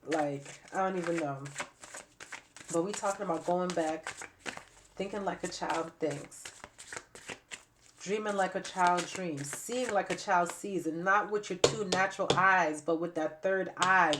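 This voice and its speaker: Woman tarot reader, low-pitched voice, stuffy and raspy from a cold, emphatic and repetitive. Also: unhurried, noisy background. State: stuffy nose and raspy throat. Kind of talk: spiritual reading to camera.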